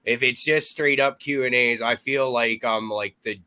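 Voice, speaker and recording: Laid-back Canadian host, bright voice. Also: male voice, mid-range voice, steady tone, moderate pace, clear, resonant tone. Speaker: show host. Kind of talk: casual chat on a livestream.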